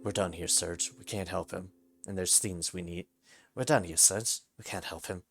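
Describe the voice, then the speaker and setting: A man's voice: low voice, normal speed, fairly bright tone, soft background music. Man doing a brash young thief girl. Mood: dismissive. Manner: bossy and pushy.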